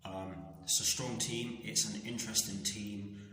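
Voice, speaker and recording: A man giving a live reaction commentary on a football match as a fan, in a steady, measured way that often stops to correct himself. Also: lowish voice, soft background music. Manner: steady, measured delivery with frequent self-corrections. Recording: very echoey room with long reverb and background noise.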